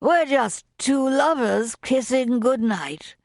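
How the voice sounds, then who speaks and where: A woman voicing a drunken, lecherous young gentleman with a slurred, drawling delivery in an audiobook. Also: high voice, expressive, takes it slowly, no room sound, studio quality, voice pushed up, full character voice. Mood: smug.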